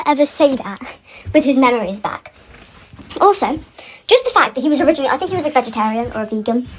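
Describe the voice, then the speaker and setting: Woman, high voice, casual fan rant, rambles off on tangents and laughs often, faint background hiss. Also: low-quality recording. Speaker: fan commentator.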